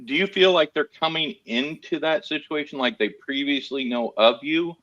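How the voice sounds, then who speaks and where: A man's voice: fairly high pitch, normal speed, a bit bright, dry recording. A man joining a casual online panel chat, joking and laughing often. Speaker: panel guest. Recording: dull lo-fi mic.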